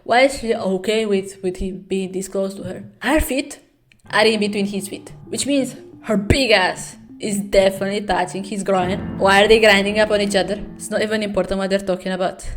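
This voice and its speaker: A woman's voice: mid-range voice, fairly even intonation, faint music behind. A woman commenting on a webtoon in a sarcastic, swearing reaction style, acting out the characters' lines. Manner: plays every character in quick put-on voices.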